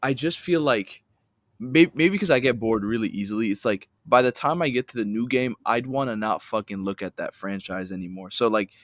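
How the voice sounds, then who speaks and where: A man's voice: medium pitch, a little fast, no room sound. A man chatting casually on a podcast, blunt and rambling, swearing freely. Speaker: podcast guest.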